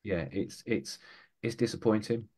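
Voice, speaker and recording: A man's voice: fairly low pitch, a little slow, a little mellow. A British man, an author being interviewed on a podcast, talking in a rambling, thoughtful way and often correcting himself. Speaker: guest author.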